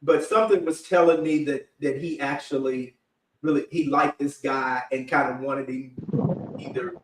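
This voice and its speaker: A man's voice: medium pitch, steady tone, moderate pace, distant mic, slight background noise. A man hosting a live panel discussion, talking in a rambling, conversational way full of fillers. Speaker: panel host. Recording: echoey room, away from mic.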